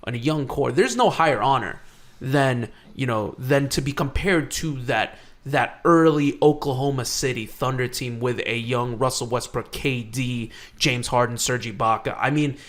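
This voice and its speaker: A man co-hosting a sports podcast, talking excitably in casual chat, often restarting and swearing. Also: medium pitch, normal speed. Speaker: podcast co-host.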